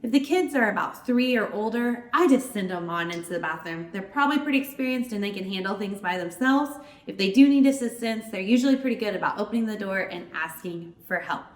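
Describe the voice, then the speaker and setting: A woman giving a clear, step-by-step staff training talk, acting out small examples as she explains. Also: mid-range voice, lively intonation, brisk, few pauses, roomy sound. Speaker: children's ministry trainer. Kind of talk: instructional training video.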